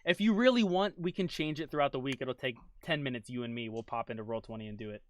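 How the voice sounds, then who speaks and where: A man's voice: mid-range voice, fast. A man running a tabletop game, talking casually and upbeat, often repeating himself. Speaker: game master. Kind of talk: wrapping up a tabletop game session.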